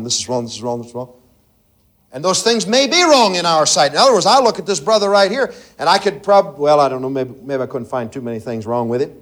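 A man preaching a sermon to a congregation, swinging from loud emphatic lines to hushed, intimate asides. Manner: preaching with sweeping swings in pitch and loudness, drops to near-whisper asides. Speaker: pastor.

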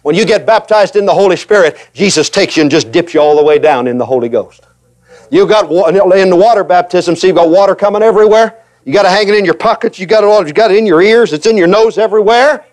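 A male preacher delivering a sermon with a notably high-pitched voice. He is animated and emphatic, slipping into little acted voices of hesitant listeners and hammering points home with repetition. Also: quick pace. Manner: animated, acts out voices of reluctant believers.

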